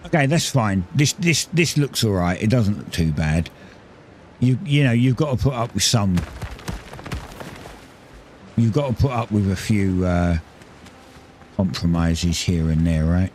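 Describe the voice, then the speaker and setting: A low-voiced man chats his way through a building game, explaining each step as he goes and often stopping to correct himself. His talk is loose and unscripted, with a faint hiss of background noise under the voice. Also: a little slow, pauses often, a little mellow. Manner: rambling, self-correcting, explains building steps. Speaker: gaming streamer. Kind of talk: casual gameplay commentary.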